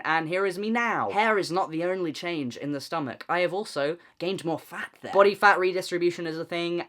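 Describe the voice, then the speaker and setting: A man's voice: on the high side, fairly bright tone. A young man vlogging in a casual, candid and self-deprecating way, chatting straight to camera.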